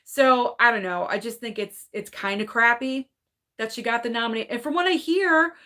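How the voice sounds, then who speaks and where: A woman hosting a casual live stream about movies, reading viewer comments and sharing her opinions in a chatty, hedging way with lots of "like" and "I don't know". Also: on the high side. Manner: opinionated and animated, quick laughs. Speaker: movie channel host reading live chat.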